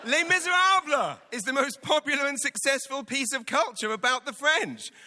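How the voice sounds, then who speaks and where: A man's voice: very high voice, expressive, moderate pace, bright, forceful tone. A British man giving a mocking stand-up debate speech with punchy one-liners on a stage. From Britain. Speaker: comedy debater. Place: theatre stage before a live audience. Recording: live hall with audience.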